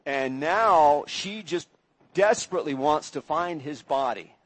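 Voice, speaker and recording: Preacher, male, slow deliberate delivery, slightly raised voice, dry close sound. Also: fairly high pitch, lively intonation, no room sound, low-quality recording. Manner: measured storytelling, acts out quoted voices with rising intensity. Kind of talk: sermon.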